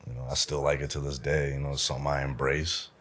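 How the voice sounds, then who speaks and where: A man's voice: very deep voice, level tone, fast talker, a bit bright. A young man from Omaha chatting as a podcast guest, laid-back, laughing often and calling the host "bro". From Omaha, United States. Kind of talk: casual interview chat.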